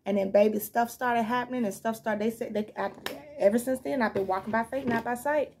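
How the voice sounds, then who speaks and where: A woman giving a casual tarot reading, chatty and animated, frank and blunt, calling her listeners y'all and baby. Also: fairly high pitch, fairly quick, a little hiss or hum. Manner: frank and blunt, swears now and then. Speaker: tarot reader.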